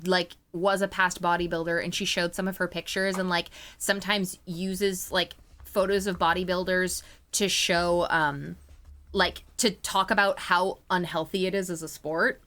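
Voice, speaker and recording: A woman's voice: on the low side, level tone, moderate pace, fairly bright tone. A young woman streaming a game, chatting casually in a rambling way with lots of fillers and swearing.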